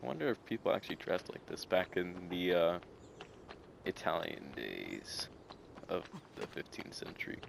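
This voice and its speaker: A man's voice: low-pitched, wildly swooping pitch, normal speed, gravelly, background noise. A young man giving rambling, enthusiastic let's-play commentary while gaming. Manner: rambling, filler-heavy, enthusiastic. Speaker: gaming video creator.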